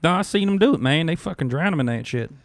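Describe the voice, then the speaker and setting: A man's voice: a little high, animated, fast, dry recording, voice pushed up. A man voicing a chatty, laid-back hitman in a put-on Southern accent during a comedic script read-through. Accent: put-on American Southern. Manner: drawling, conversational, crude.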